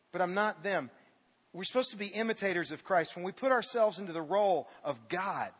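Middle-aged pastor, male, bright forceful delivery, dramatic storytelling, long hall reverb. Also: high voice. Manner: dramatic, jokey storytelling, reads scripture with big emphasis. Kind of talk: sermon. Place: church sanctuary. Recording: dull reverberant hall sound.

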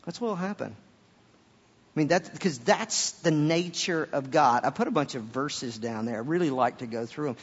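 A pastor preaching a sermon, swinging from loud emphatic peaks to quiet offhand asides and often repeating words. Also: male voice, fairly high pitch, animated, moderate pace, breathy edge. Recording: dull sound with long hall reverb.

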